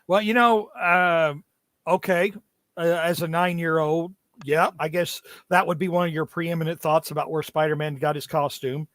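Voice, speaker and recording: A man's voice: a little high, steady tone, fairly bright tone, no room sound, studio quality. A young man recapping comic book issues in casual chat, joking and stopping often with fillers. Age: young adult. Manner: jokey, halting with many fillers. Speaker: podcast co-host.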